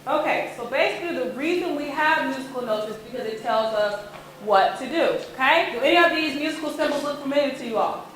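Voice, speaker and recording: A woman's voice: high voice, lively intonation, brisk, fairly bright tone, a little hiss or hum, rough recording. A woman teaching a music lesson to a classroom, encouraging and checking in with the children after nearly every point. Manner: encouraging, checks in with frequent "okay?". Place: school classroom.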